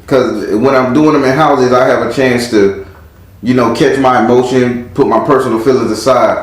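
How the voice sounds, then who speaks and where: A man giving a casual spiritual tarot reading in a relaxed way, chanting words over and over as he reads the cards. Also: medium pitch, normal speed. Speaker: tarot card reader. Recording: very echoey room.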